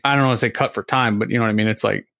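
A man's voice: lowish voice, steady tone, rapid-fire, gravelly, fairly bright tone, no echo, studio quality. A man in casual chat, rambling through a movie's plot and acting out the characters' lines. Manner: rambling, acts out lines from scenes.

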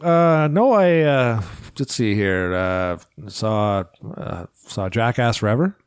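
A Canadian man co-hosting a podcast, chatting casually and hesitantly with many pauses. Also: lowish voice, clean tone, no echo, clean studio sound. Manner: relaxed, hesitant with many ums and uhs. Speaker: podcast co-host. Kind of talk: casual chat.

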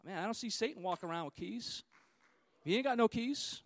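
A man with a very high voice preaches a sermon in church. He builds to loud, repeated declarations, then drops into casual asides to his congregation. The sound is close and dry. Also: lively intonation, fairly quick, no echo. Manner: rises to loud emphatic repetition.

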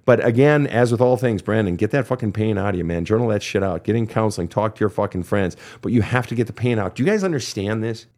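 A man's voice: on the low side, fast, few pauses, a little mellow. Blunt, swearing male counselor. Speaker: counselor podcast host. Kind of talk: profane motivational advice.

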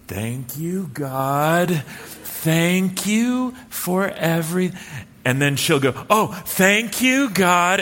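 A man preaching a sermon in a relaxed, storytelling way, with many fillers and restarts. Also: on the high side, in a large hall. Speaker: pastor. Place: church hall with live and online audience.

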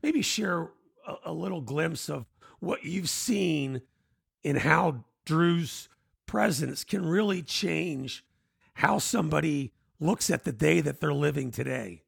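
A man hosting an interview, asking his guest questions in a halting way and often repeating words as he frames them. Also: on the high side, animated, gravelly, breathy edge, no room sound, studio quality. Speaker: podcast host.

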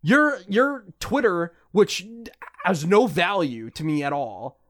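Profane ranting man, higher voice. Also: huge pitch swings, takes it slowly, fairly bright tone. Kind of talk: casual podcast chat.

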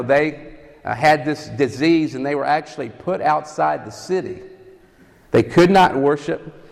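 Speaking with a fairly high, creaky voice, this man preaches to his audience, posing rhetorical questions as he teaches with earnest conviction. He's a campus ministry preacher, heard in a hall with a long reverb.

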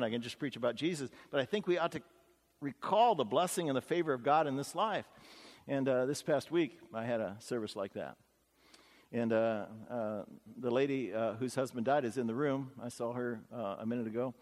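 A middle-aged male pastor tells stories from the pulpit in a folksy, earnest way, peppering his talk with 'uh' and 'you know'. His voice sits at an ordinary pitch for a man and carries a long reverb tail from the church hall. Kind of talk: conversational storytelling sermon. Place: church sanctuary.

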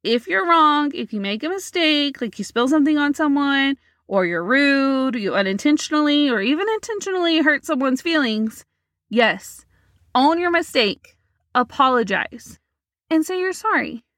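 A woman hosting her own podcast, talking alone to her listeners in a sassy, emphatic and animated way. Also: high-pitched, moderate pace, no room sound, clean studio sound. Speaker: podcast host. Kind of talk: solo motivational podcast talk.

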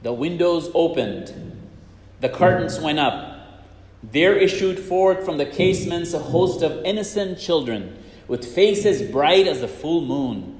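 A man's voice: on the high side, expressive, unhurried, a little mellow. A man preaching and retelling a religious story in an earnest way, often repeating himself as he goes. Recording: echoey hall with long reverb.

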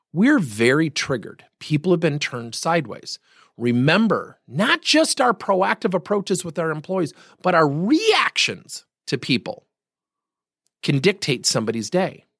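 Upbeat male coach with a lively, swooping delivery and a husky voice, recorded dry. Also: fairly high pitch, no room sound. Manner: upbeat, hyper, animated storytelling. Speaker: leadership coach. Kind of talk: motivational storytelling monologue.

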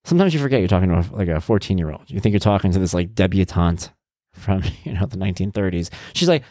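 Man, middle-aged, casual storytelling monologue, lively swooping pitch, dry close sound, exasperated. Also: fast, dry recording. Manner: animated, exasperated, acts out his kids' lines. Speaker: divorced dad telling stories.

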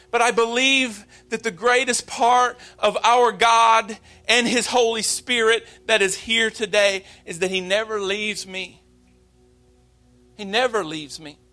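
A man's voice: very high voice, fairly even intonation, sharp tone, soft background music. A man in his late thirties preaching a sermon as pastor, speaking earnestly and openly about his own struggles. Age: 30s. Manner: earnest, confessional, slow and emphatic.

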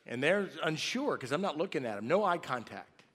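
A man in his fifties tells funny stories from the pulpit, with a bright, forceful voice a bit higher than most men's. He jokes and breaks into loud acted shouts. The sound carries a long reverb from a large hall. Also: a little fast, husky. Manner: lively, joking, acts out loud shouts. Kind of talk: storytelling sermon.

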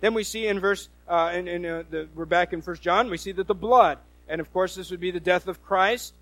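A man preaching a sermon as a pastor, folksy and animated, with many restarts. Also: high-pitched, a little fast, dry recording, faint music behind.

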